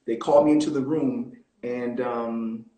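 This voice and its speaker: A man being interviewed as an actor on a live video call, telling stories in a relaxed, animated way with plenty of fillers. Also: medium pitch, a little slow, roomy sound, rough recording. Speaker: guest actor. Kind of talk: casual interview storytelling.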